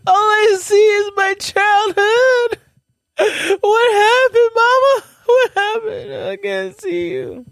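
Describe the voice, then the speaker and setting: Female comic doing a shrieking, tearful, lost woman, high and loud. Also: slow, vocal fry, no echo, exaggerated voice. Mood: sobbing, panicked. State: crying.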